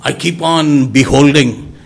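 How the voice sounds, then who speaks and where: A man's husky, gravelly voice carries an emphatic sermon to the congregation he leads, alternating between loud outbursts and soft, low phrases. He takes his time, speaking a little slowly.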